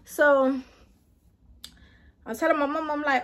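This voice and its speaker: A young woman tells a storytime vlog. Her voice sits high, and she speaks straight to the viewers in an animated, chatty way. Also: measured pace. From Atlanta, USA. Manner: animated, talks straight to viewers, acts out quotes. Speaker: vlogger.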